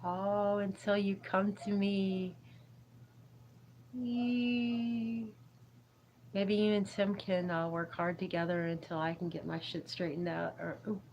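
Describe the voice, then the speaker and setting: A woman's voice: mid-range voice, fairly even intonation, slow pace, a little mellow, slight background noise, poor audio. A woman hosting a spiritual livestream, chatting in a loose, meandering way, laughing often and answering viewers' chat. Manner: giggly, meandering, reads chat aloud. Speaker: YouTube livestream host.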